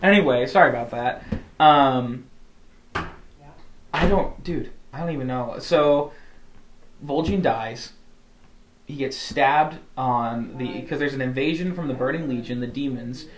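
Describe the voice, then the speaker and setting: A man in casual podcast chat, full of eager restarts and fillers. His voice sits at a middling pitch. The room around him has a roomy echo. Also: slow pace, pauses often, a little hiss or hum. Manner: enthusiastic, rambling with many restarts and fillers. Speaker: podcast co-host.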